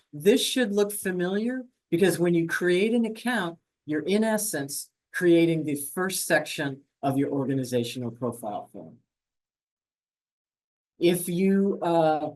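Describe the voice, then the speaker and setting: A grants administration staff member walking viewers through an online portal in a webinar, talking fast with frequent fillers and self-corrections. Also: mid-range voice, darkish tone. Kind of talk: webinar screen-share walkthrough.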